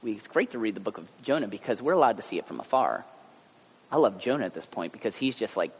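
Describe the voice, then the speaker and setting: A male pastor giving a conversational sermon, animated and joking as he talks to the congregation. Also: on the low side, a little fast, slightly rough. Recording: long hall reverb.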